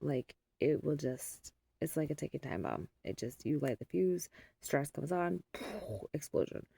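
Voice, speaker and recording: A woman's voice: low-pitched, very animated, unhurried, vocal fry, warm tone, husky, no echo. A sleep-deprived middle-aged mother rambling through a casual vlog in a weary, unguarded way. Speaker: mother vlogging.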